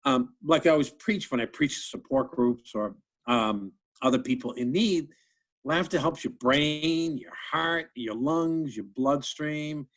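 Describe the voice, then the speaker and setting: A middle-aged man, a comedian, talks casually over a video call. His voice sits a little high, and he tells his stories in a lively, rambling way, laughing often and repeating words. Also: a little slow. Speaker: comedian guest. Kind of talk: casual interview chat.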